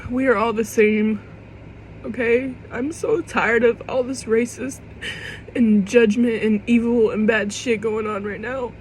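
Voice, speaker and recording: A woman's voice: fairly high pitch, fairly even intonation, measured pace, a little mellow, slight background noise, poor audio. A young woman vlogging to camera in an emotional personal monologue. She rambles and restarts, swears casually, and fights back tears.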